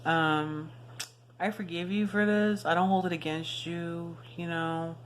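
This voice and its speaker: Young woman telling a story, slightly low. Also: fairly even intonation, measured pace, slight background noise. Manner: casual, frank, swears freely, many fillers. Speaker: vlogger. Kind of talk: personal storytelling to camera.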